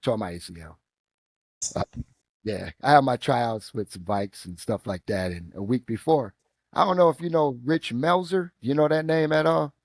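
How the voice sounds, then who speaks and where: Animated Midwestern man telling stories. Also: normal speed, dry recording. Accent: Midwestern American. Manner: animated storyteller, acts out quotes with rising pitch. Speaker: guest, former football player and coach. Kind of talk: casual storytelling interview.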